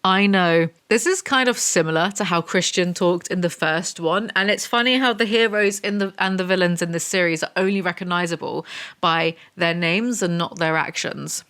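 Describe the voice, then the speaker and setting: A woman's voice: on the low side, moderate pace, fairly bright tone, clean tone. A woman giving a comedic book review, sarcastic and exasperated, with rambling asides.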